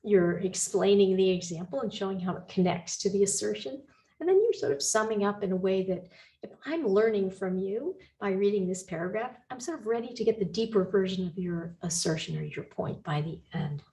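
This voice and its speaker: Speaking a little fast with an animated, medium-pitched voice, a female instructor walks through slides in a recorded lecture. She reasons out loud, restarting now and then, and offers her students gentle reassurance.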